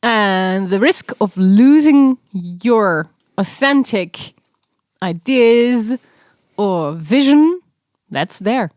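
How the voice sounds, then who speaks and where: A woman's voice: a little high, lively intonation, extremely slow, a little mellow, no echo, clean studio sound. A young adult woman co-hosting a podcast in casual chat, chatty and laughing often. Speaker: podcast co-host.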